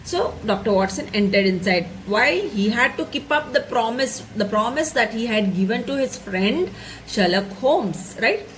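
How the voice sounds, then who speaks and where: A woman teacher with a fairly high voice walks her students through a story. She repeats and rephrases each point and keeps checking in with tag questions. A faint hiss sits under her voice. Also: expressive, normal speed, fairly bright tone, rough recording.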